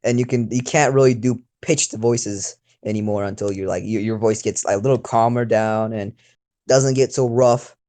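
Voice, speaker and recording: A man's voice: lowish voice, steady tone, moderate pace, dark tone. Giggly teenage boy chatting casually. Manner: giggly, loose, with many fillers. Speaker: YouTuber co-host. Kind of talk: casual voice chat.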